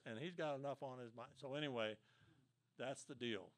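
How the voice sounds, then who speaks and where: A man's voice: medium pitch, normal speed. Older man telling rambling war stories. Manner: rambling, folksy, many fillers and restarts. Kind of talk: casual storytelling talk.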